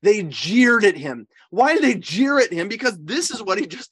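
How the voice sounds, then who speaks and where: A man's voice: high-pitched, very animated, moderate pace, hardly any pauses, fairly bright tone, breathy edge. A man, a priest, leading an informal Bible study. He speaks emphatically, keeps checking in with his listeners and often restarts or corrects himself mid-sentence. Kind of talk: informal scripture teaching.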